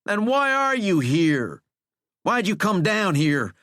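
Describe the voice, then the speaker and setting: Slow and very animated, a male narrator plays a cursed man in shackles whose drawl is wry, sardonic and coaxing, with a mocking, folksy tone. The exaggerated voice is loud and raised, pitch swooping, recorded dry and close like an audiobook.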